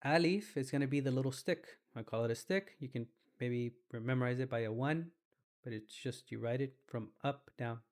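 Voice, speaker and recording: A young man teaches Arabic letters in a loose, easygoing way, with a mid-pitched voice. He drags out sounds slowly to model pronunciation and slips into slangy asides. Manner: relaxed, slangy, drawn-out demonstration of sounds. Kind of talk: casual recorded lesson.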